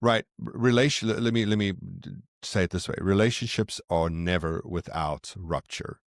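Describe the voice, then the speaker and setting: A man's voice: sits low, normal speed, creaky, no echo, clean studio sound. A middle-aged man guesting on a podcast, earnestly explaining and telling stories from his own parenting. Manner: earnest, reflective storyteller. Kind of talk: conversational interview, explaining.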